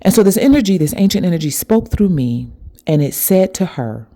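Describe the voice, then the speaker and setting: A woman's voice: fairly low pitch, very animated, brisk, dark tone. A woman speaking as a spiritual author in a motivational monologue, talking straight to her listeners and building to emphatic peaks.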